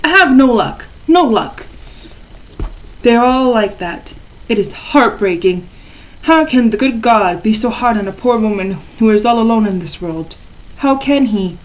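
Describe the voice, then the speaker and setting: A woman voicing a bitter, hulking peasant mother of about forty, with a harsh voice that goes to a tearful falsetto, shrill and loud. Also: lively intonation, unhurried, dull audio. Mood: whiny pleading. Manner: shrill, screaming and pleading by turns.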